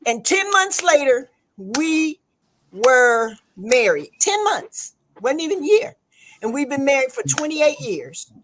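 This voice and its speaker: A woman in her fifties telling a lively story in casual chat, laughing and acting out the people she quotes. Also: high-pitched, slow pace.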